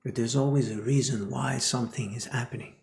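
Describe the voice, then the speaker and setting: A man giving a spiritual teaching talk, speaking slowly and often dropping into a whisper. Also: mid-range voice, fairly even intonation, creaky, a little mellow, roomy sound. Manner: slow, often drops into a whisper.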